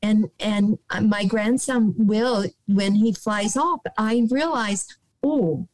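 An older American woman, a guest on a podcast, gives calm advice in a slow, gentle, soothing way, often restarting and saying "you know", and sometimes dropping to a soft whisper. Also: mid-range voice, no room sound, low-quality recording. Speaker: guest, nonprofit director.

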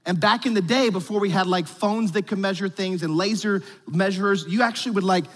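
Pastor, male, husky and fairly high, playful and chatty from the pulpit, long church reverb. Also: a little fast. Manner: playful, joking, talks straight to the congregation. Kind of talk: conversational sermon. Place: church sanctuary. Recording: long reverb from a large hall.

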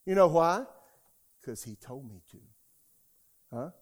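A man, preaching a sermon as a pastor. He tells stories from his own life and shouts out the lines he quotes. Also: fairly high pitch, lively intonation, takes it slowly. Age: 60s. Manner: storytelling, rising to shouts when quoting God.

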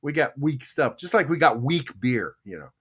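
Animated older man telling stories. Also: medium pitch, moderate pace, husky. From United States. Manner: storytelling, animated, acts out dialogue. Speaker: podcast host. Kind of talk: casual rambling chat.

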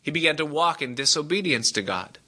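A man's voice: expressive, a little fast, sharp tone. A man preaching a sermon to a congregation, acting out the people in the story with dramatic swings in his voice. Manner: dramatic, acts out quoted voices with big pitch jumps. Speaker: pastor.

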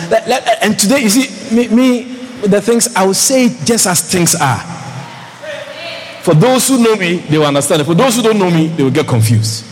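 Long reverb fills the church hall, with faint ambience and slight background noise, as a high-voiced pastor preaches at normal speed. His sermon is lively, with calls to the congregation and phrases repeated for emphasis.

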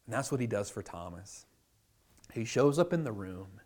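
A man preaching a sermon to his church in a casual, conversational style, dropping to a hush for quoted words. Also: fairly low pitch, expressive, moderate pace. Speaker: pastor.

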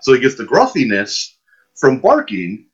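In muffled lo-fi podcast audio, a man with a slightly rough mid-range voice speaks in an unhurried way. He's a guest sharing a long casual anecdote, lively in his telling and performing both the characters' lines and his own.

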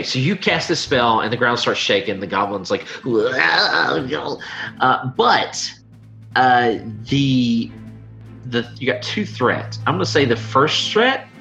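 A man runs a tabletop game, narrating and explaining rules with lots of fillers and restarts. His voice is bright and his pitch moves a lot. The audio is a little dull, with faint music underneath. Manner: halting, filler-heavy explaining. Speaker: game master.

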